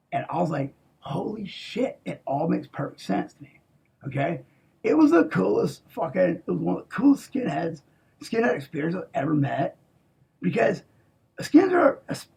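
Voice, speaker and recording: A man in a rambling, profane monologue who swings from hushed to shouting. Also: fairly high pitch, vocal fry, slightly rough.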